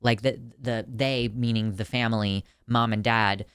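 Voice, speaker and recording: A man's voice: fairly low pitch, steady tone, a little slow, fairly bright tone, clear, resonant tone, dry recording, studio quality. A man reviewing a film in a casual video, talking in a chatty, emotional way with lots of fillers and restarts.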